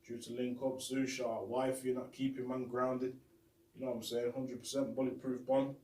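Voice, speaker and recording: Man, young adult, street slang, casual shout-outs, mid pitch, echoey room, distant mic. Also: flat delivery, normal speed. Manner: street slang, repetitive, heartfelt. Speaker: show host. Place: bedroom. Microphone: phone camera. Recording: roomy, distant phone mic.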